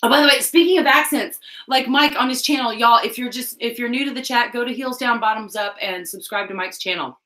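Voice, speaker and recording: A middle-aged woman with a light Southern US drawl chats on a live stream about horses and riding gear. Her voice is bright and forward, her delivery is loose and animated, she scatters fillers, and she laughs freely. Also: fairly high pitch, fairly quick, few pauses, low-quality recording. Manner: chatty, animated, laughs often, lots of "like". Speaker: co-host of a live horse chat show. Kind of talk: casual live-stream chat.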